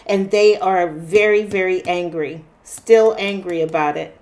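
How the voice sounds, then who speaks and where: In an unhurried, casual tarot reading for a viewer, a woman speaks in a lowish, slightly mellow voice, frequently pausing to ask "okay?".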